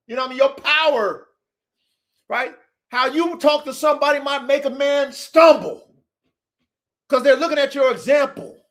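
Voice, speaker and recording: A man's voice: very high-pitched, a bit bright. A man hosting his own show, talking unscripted to viewers in an aggressive, profane, preachy street style. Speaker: show host.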